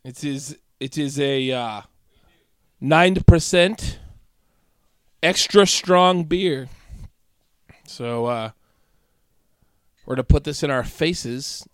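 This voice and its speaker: A man's voice: fairly high pitch, extremely slow, pauses often, fairly bright tone, clean tone, no echo, studio quality. A man co-hosting a casual beer-tasting podcast, bantering in a goofy, playful way. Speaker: podcast co-host.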